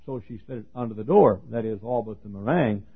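A husky male pastor preaching a folksy, joking sermon that swings from hushed talk to shouting. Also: on the low side, quick pace. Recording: tinny lo-fi sermon recording.

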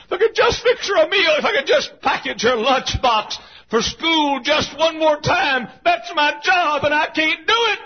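A man playing a grieving mother who pleads through tears in a high, crying voice. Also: lively intonation, normal speed, hardly any pauses, slight background noise. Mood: anguished pleading. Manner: pleading, breaking into sobbing cries. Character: grieving mother, desperate and tearful. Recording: dull lo-fi sermon recording.

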